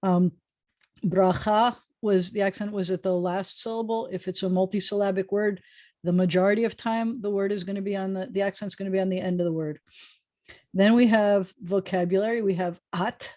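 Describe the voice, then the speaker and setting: A woman rabbi teaching a Hebrew class over a video call, explaining patiently and repeating words slowly. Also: medium pitch, darkish tone. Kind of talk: online class lecture.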